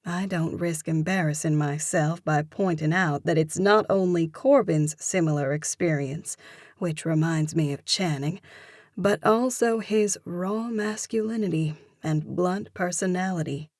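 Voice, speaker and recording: Unhurried woman narrating a romance. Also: on the low side, a little mellow, no room sound, clean studio sound. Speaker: audiobook narrator. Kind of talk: first-person romance narration.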